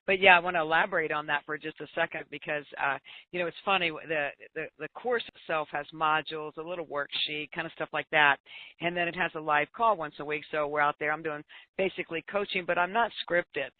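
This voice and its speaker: A woman's voice: sits low, no room sound. An older woman, a business coach and author, telling stories earnestly as a talk show guest and laughing often. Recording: tinny phone line.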